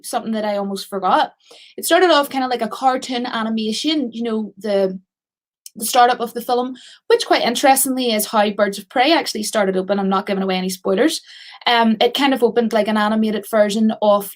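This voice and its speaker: A woman's voice: fairly high pitch, a little fast. A woman chatting casually on a live stream as a movie reviewer, rambling with fillers and restarts.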